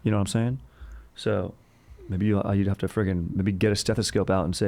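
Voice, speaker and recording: A man with a somewhat low voice hosts a casual history podcast. He talks like a laid-back bro, rambles into jokey asides and keeps dropping "dude.". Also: fairly even intonation, brisk, gravelly, hardly any pauses, darkish tone. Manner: slangy bro talk, says "dude" constantly. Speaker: podcast host. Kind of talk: casual comedic history chat.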